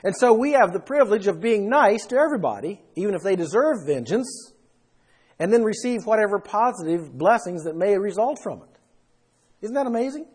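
A man's voice: sits high, lively intonation, brisk, a little mellow, husky. A man preaching a Bible sermon, explaining verses with emphatic rises in his voice. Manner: emphatic, rising for stress.

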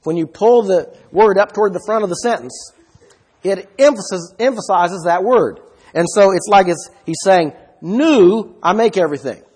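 Husky-voiced man preaching emphatically. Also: high voice, normal speed, darkish tone. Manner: emphatic, asks the listeners questions. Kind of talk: sermon.

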